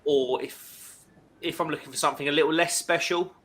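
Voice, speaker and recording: A man's voice: fairly high pitch, fairly even intonation, brisk, a bit bright. A man hosting a casual live stream, chattily reading out viewer comments and greeting people.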